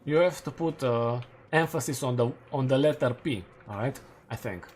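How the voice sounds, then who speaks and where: A young man whose first language is Romanian streams a game and chats casually with viewers, thinking aloud and correcting himself as he goes. His voice is medium-pitched at normal speed, with a little hiss or hum in the audio.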